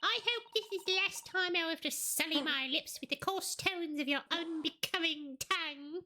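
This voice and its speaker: A woman's voice: very high-pitched, moderate pace, pushed and bright, voice pushed up. A woman voicing a haughty, imperious foreign lady witness in a game, speaking in a prim, condescending manner. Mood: disdainful.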